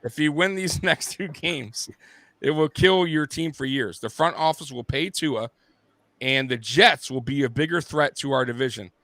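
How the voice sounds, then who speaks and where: A man's voice: medium pitch, normal speed, fairly bright tone, no echo. A man hosting a sports show, ranting bluntly and with heavy profanity, like a fired-up fan. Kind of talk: casual sports rant.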